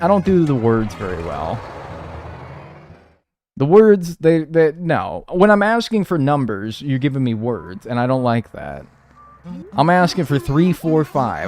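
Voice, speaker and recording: Rambling profane young man, lively pitch. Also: measured pace, faint music behind. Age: 20s. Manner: rambling, profane, drops to mumbles. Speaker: streamer. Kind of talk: casual chat while gaming and reading chat.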